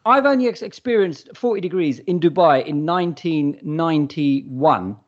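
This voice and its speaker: A man's voice: fairly high pitch, normal speed. A man telling jokey stories as co-host of a casual chat. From England. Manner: animated, storytelling, jokey. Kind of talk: casual banter. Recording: dull lo-fi recording.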